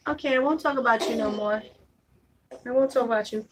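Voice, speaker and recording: A woman's voice: a little high, a little fast, noisy background. A woman vlogging at home, talking to her baby in a coaxing voice and chatting with viewers. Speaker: vlogger and mother. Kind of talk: casual home vlog chat.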